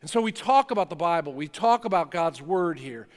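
A male pastor from North New Jersey giving a conversational, lively sermon with playful asides in a church chapel. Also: a little high, brisk. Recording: long hall reverb.

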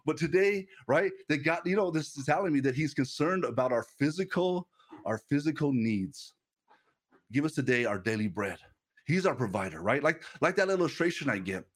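Chatty pastor man, frequent restarts. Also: fairly high pitch. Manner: conversational, repeats words often, tells personal stories. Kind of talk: sermon.

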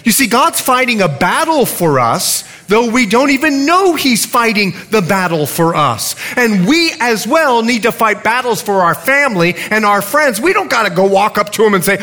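A middle-aged man preaches with a high, bright pitch that swings widely up and down as he tells stories. He keeps things humorous, slipping into other people's voices in his own retellings, and his delivery stays animated from line to line. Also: moderate pace, hardly any pauses. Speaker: pastor. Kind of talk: sermon with storytelling.

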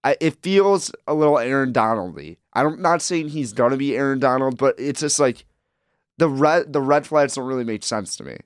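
A young man co-hosting a college sports show talks in a loose, rambling way. He restarts sentences and leans on filler words. His voice is mid-pitched and recorded close and dry in a studio booth. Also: lively intonation, normal speed, smooth, no echo. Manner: rambling, repeats words, hedges with "like". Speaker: co-host. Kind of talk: casual sports chat.

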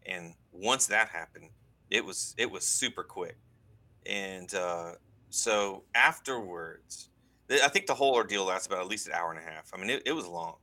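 Man, guest on a talk show, very bright voice, storytelling, restarts and asides. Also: low-pitched, normal speed. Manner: animated retelling with many restarts and asides. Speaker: guest recounting a deliverance. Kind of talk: storytelling in casual conversation.

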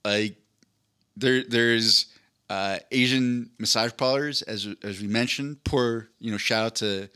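A man's voice: medium pitch, fairly even intonation, takes it slowly, sharp tone, smooth. A man hosting a podcast in casual, rambling chat, joking and swearing freely. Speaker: podcast host.

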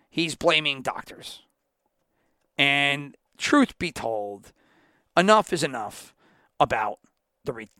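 A man's voice: fairly high pitch, sharp tone, clear, resonant tone, dry recording, studio quality. A man hosting a sports podcast in an opinionated, ranting monologue, sometimes laughing at himself. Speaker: podcast host.

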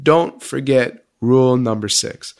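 A man voicing a calm, wise prime minister who speaks plainly and without hurry. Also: mid-range voice, a little slow, creaky.

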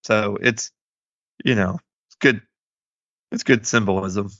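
A man co-hosting a casual movie review podcast, animated and often laughing as he acts out scenes. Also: lowish voice, slow, no echo, muffled recording. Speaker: podcast co-host.

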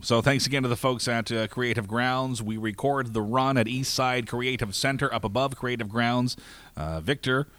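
A man hosting a casual podcast, talking in an easygoing way with many pauses. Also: medium pitch, fairly even intonation, a bit bright. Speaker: podcast host.

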